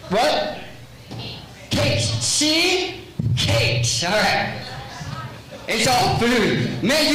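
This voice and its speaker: Animated joking pastor in an echoey church. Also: male voice, sits high, noisy background. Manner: animated, jokey, quizzes the congregation. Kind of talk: comedic live sermon. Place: large church hall before a congregation. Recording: very echoey church hall, faint ambience.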